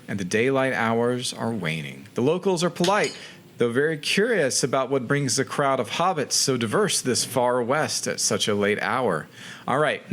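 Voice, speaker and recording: A man's voice: mid-range voice, fairly bright tone, slight background noise. A man running a tabletop game as game master, reading the scene aloud and making wry jokes about the rules. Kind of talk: narrating a tabletop game with joking asides.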